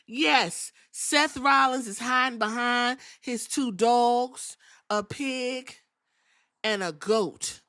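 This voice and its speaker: A woman's voice: a little high, drawn-out words, sharp tone. Sassy, profane woman podcaster. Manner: sassy, profane, acts out quotes. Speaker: podcast host. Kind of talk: casual wrestling recap.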